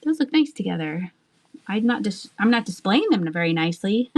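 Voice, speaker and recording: Running a live-stream sale, an online seller chats in a fairly high, very animated voice at a measured pace. Her talk is casual and full of asides and unfinished sentences as she thinks aloud, with frequent laughter.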